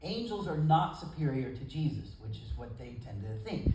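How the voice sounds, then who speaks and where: A man preaching a sermon as pastor, folksy and animated, acting out the quotes he tells. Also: medium pitch, normal speed, background noise. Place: church service in a gym. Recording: echoey room from far off.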